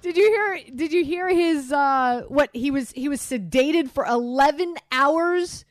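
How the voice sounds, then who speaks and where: A woman hosts a sports talk show, rambling and animated with plenty of fillers and asides. Her voice sits a little high and comes through a dry studio mic with no room sound. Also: unhurried, no echo, soft background music. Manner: animated, chatty, self-deprecating, many fillers. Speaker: sports radio host. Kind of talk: casual sports talk chat.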